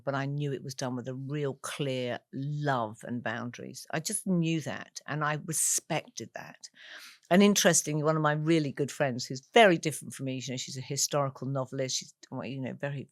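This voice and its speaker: A woman in her sixties from England, a guest talking over memories, with an animated storytelling manner and frequent laughs. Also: a bass voice, no echo, studio quality. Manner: warm storyteller, laughs often, animated asides. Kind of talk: reflective conversation.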